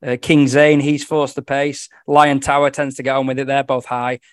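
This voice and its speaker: A man giving casual horse racing tips on a podcast, talking quickly through form with a joking edge. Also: mid-range voice, flat delivery, clear, resonant tone, dry recording, studio quality. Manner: quick, chatty form analysis with jokes. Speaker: racing tipster.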